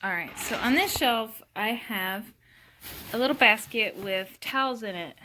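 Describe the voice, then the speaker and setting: A woman's voice: on the high side, a little slow, bright, forceful tone, a little hiss or hum. A young woman chatting casually as she shows her art supplies, full of fillers and restarts. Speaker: vlogger giving a studio tour. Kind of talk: casual chat.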